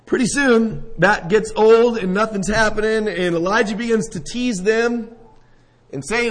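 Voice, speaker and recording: At a normal pace and in a high voice, a man preaches, telling a story from scripture with vivid dramatization and questions for his audience. He is a pastor, and the audio quality is poor.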